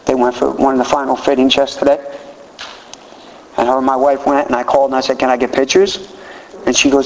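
A middle-aged man gives a candid, plainspoken share at a recovery meeting, his voice at an ordinary pitch for a man. The sound is dull and lo-fi, with a long reverb from a big hall and a faint hiss underneath. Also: quick pace. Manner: animated, acts out quotes in a raised voice. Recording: roomy hall, dull lo-fi audio.

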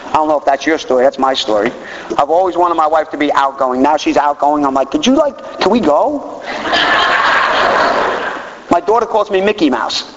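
A man's voice: on the high side, big-room sound, dull audio, a little hiss or hum. A man in his fifties telling self-mocking, candid stories to an audience as he shares his recovery. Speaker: speaker sharing a recovery story. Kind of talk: comic storytelling talk to an audience.

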